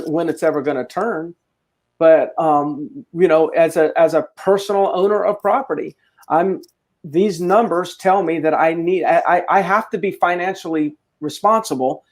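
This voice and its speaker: A man co-hosting a real estate show, giving his opinions in a casual way and often restarting his sentences. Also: a little high. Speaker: realtor co-host. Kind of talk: casual market discussion.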